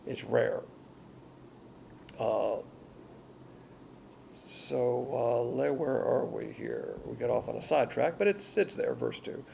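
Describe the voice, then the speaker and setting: A man teaching a verse-by-verse Bible lecture, blunt and digressive, reading scripture aloud more forcefully than his asides. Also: medium pitch, slow pace, vocal fry, long pauses, slight background noise.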